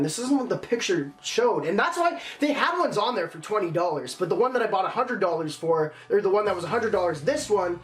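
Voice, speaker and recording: A man's voice: sits high, fairly bright tone, reverberant. A young man vlogging casually, frustrated and ranting, often apologizing to viewers. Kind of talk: casual unboxing vlog.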